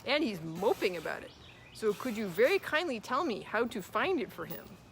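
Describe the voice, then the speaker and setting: A woman voicing a gentle, humble bear of little brain, earnest and simple in a storybook reading. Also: medium pitch, sing-song, moderate pace, gravelly, slight background noise.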